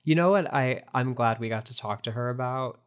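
A man from the United States co-hosting a theatre podcast, chatting in an animated, storytelling way. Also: medium pitch, brisk. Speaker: podcast co-host. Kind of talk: casual chat.

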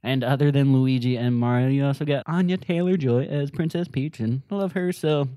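A man's voice: medium pitch, steady tone, fairly quick, warm tone, clear, resonant tone, no echo, clean studio sound. A man hosting a podcast, casually and playfully sharing entertainment news tidbits. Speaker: podcast host. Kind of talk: casual chat.

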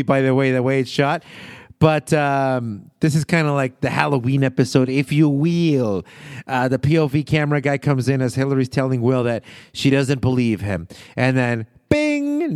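A man casually recapping a sitcom episode, animated and profane, often laughing and acting out quotes. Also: mid-range voice, no room sound, studio quality. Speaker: podcast host recapping a sitcom.

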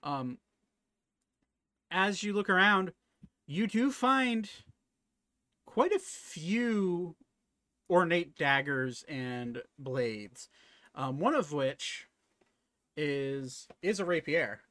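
A young man narrating a tabletop game as game master at home, with halting speech full of fillers. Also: on the high side, expressive, fairly bright tone, dry recording, clean studio sound. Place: home, at a computer.

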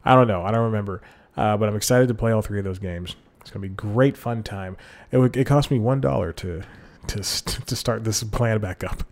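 In a low-leaning, slightly mellow voice, a podcast host talks briskly on his own show. He rambles in a relaxed way, frequently corrects himself, and drops chuckling asides, with headphones on at a desk mic.

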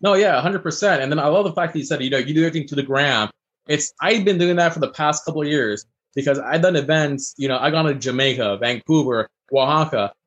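A man with a husky, slightly raised voice talks casually as a chef guest. He rattles through his stories quickly and with plenty of animation, his words tumbling out fast. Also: a little high, fairly bright tone, muffled recording. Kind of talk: casual chat.

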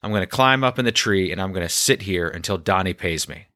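A man voicing a stubborn young man in his twenties who speaks flatly and matter-of-factly. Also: deep voice, fairly quick, dry recording, clean studio sound.

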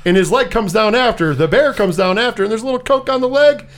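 A man co-hosting a podcast, casually recapping a movie in animated style, swearing freely and acting out the characters' lines. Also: sits high, fast talker. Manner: animated, swears often, acts out quotes.

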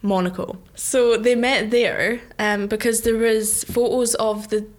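A woman's voice: fairly high pitch, steady tone, measured pace. A woman co-hosting a podcast in a friendly, agreeable, chatty way. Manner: friendly, agreeable, laughs often. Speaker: podcast co-host. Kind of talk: casual chat.

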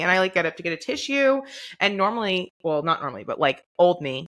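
A woman's voice: on the low side, very animated, a little fast, a bit bright. A young woman co-hosting a podcast, chatting casually and acting out quoted dialogue as she tells a story. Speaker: podcast co-host. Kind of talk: casual chat.

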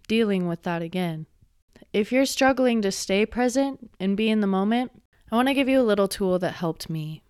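A woman hosting a personal podcast from her home studio, gently reassuring listeners and guiding them step by step at a studio microphone. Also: medium pitch, clean tone, dry recording. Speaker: podcast host. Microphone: studio microphone, wearing headphones.

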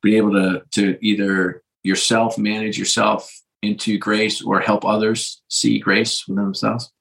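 Middle-aged male host, lowish voice, eager, talks in restarts. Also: level tone, unhurried, creaky, fairly bright tone, rough recording. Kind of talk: podcast conversation.

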